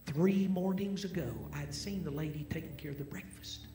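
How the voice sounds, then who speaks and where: Whispering-to-booming preacher in an echoing church. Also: male voice, normal speed. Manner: dramatic, swinging from hushed whispers to loud proclaiming. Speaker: guest preacher. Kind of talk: sermon storytelling. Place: church sanctuary. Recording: echoey church with music behind.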